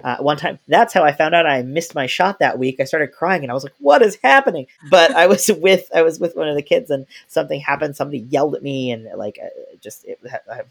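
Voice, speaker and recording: A young adult man hosts a podcast, talking fast in a fairly high, creaky voice with hardly any pauses. The casual conversation is chatty, full of fillers and frequent laughter.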